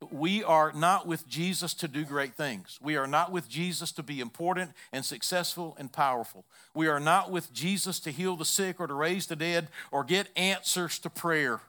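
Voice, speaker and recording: A man preaching a sermon, emphatic and repetitive, building long lists and suddenly dropping to a hush. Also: mid-range voice. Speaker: pastor.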